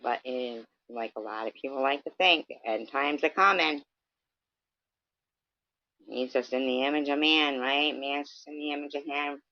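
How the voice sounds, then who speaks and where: A woman's voice: very deep voice, moderate pace, pushed and bright, dry recording, lo-fi sound. A woman delivering a confrontational, profane rant straight at someone on her livestream, sometimes mocking them. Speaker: vlogger.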